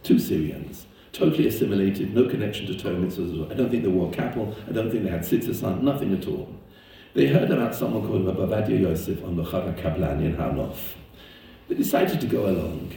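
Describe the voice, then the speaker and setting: A man's voice: low-pitched, mellow. A man telling stories in a sermon, an emphatic storyteller whose voice leaps up when he gets stirred. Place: lives in Israel. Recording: very echoey room, mic far off.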